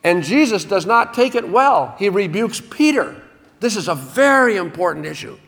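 A man preaches a sermon in a high, lively voice that climbs and falls through each phrase. He slows down to lean hard on key words. The sound carries a long reverb, as in a big hall. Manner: emphatic, lively pitch with slowed, stressed key words. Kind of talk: sermon on a Gospel text.

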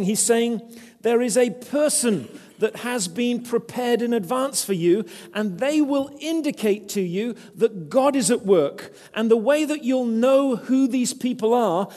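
A man's voice: very high-pitched, a little mellow, big-room sound. A man preaching a sermon, earnest and conversational, telling personal stories. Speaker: preacher, former vicar.

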